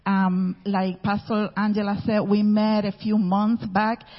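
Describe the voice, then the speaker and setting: A middle-aged woman, a minister's wife, speaking gently to a congregation with many pauses and ums. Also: medium pitch, level tone. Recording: dull church hall sound with reverb.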